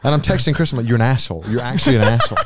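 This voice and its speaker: A man's voice: mid-range voice, rapid-fire. A man hosting a podcast, telling a story in casual chat, swearing freely and acting out quotes. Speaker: podcast host.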